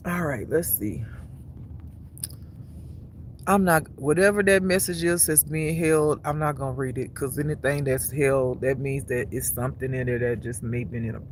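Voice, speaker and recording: A tired man chatting casually to viewers on a live stream from his phone, animated and laughing often as he talks. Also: medium pitch, normal speed, a little hiss or hum. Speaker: spiritual reader streaming live.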